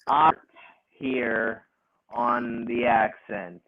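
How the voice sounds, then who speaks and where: A man's voice: mid-range voice, drawn-out words. A man co-hosting a casual wrestling podcast, ranting with profanity and laughter over remote call audio. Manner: profane, animated, laughing rants. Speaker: podcast co-host. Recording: tinny phone-like audio.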